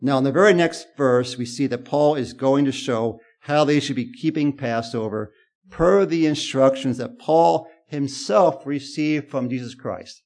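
Gravelly-voiced man preaching conversationally. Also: mid-range voice, unhurried. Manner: conversational, animated when quoting scripture. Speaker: pastor. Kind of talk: sermon.

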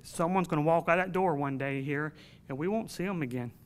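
A man's voice: on the high side, brisk, smooth. A man preaching a sermon to his congregation in an earnest, emphatic way, telling a personal story.

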